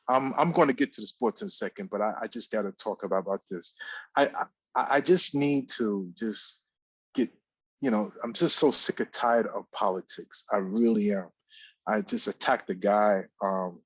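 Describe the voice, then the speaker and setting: A man's voice: mid-range voice, husky, no room sound, rough recording. A man co-hosting a live talk show, speaking in a rambling way with many fillers and repeated phrases. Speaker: radio show co-host. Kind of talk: casual talk radio commentary. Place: office.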